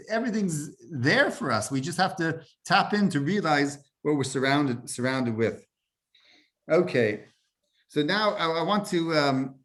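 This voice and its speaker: A man's voice: fairly high pitch, fairly bright tone. A man teaching a Torah class as a rabbi, often repeating words while finding his phrasing and mixing Hebrew and Yiddish terms into English. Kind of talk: informal Torah lesson.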